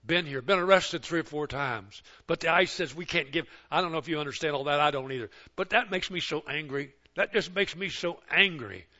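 An older man delivers a church sermon in a fairly high, forceful voice. He tells homespun stories and acts out what other people say, then drops to slow, hushed passages. The recording is muffled and lo-fi. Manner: swings between loud, emphatic exhortation and hushed, slow passages; folksy storytelling that acts out others' words. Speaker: preacher. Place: church service.

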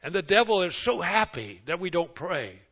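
Older man preaching a forceful sermon. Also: high voice, very animated. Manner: swings between loud, emphatic exhortation and hushed, slow passages; folksy storytelling that acts out others' words. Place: church service. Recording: muffled lo-fi recording.

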